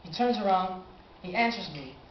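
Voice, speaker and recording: An eighteen-year-old man telling a personal story on stage, animated and acting out his own reactions. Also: sits high, normal speed, slight background noise. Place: live stage in a small cafe venue. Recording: roomy, dull amateur live recording.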